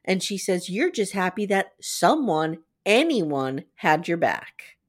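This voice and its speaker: Woman, podcast co-host, casual recap chat, animated pitch, quotes scenes with asides. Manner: retells scenes with quoted lines, quick asides.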